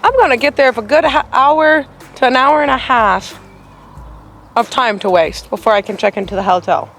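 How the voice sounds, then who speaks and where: A woman talking casually to camera as a travel vlogger, chatty and easily excited, thinking out loud as she goes. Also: on the high side, moderate pace, faint music behind. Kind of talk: casual vlog chat to camera.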